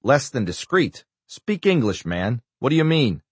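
A man's voice: lowish voice, expressive, moderate pace, slightly rough, dry recording. A man reading an audiobook, voicing a furious, imperious older male senator who barks scornful demands. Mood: impatient.

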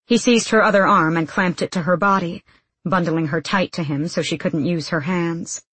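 A woman narrating an audiobook in a measured, even way. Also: on the low side, breathy edge, no room sound, rough recording.

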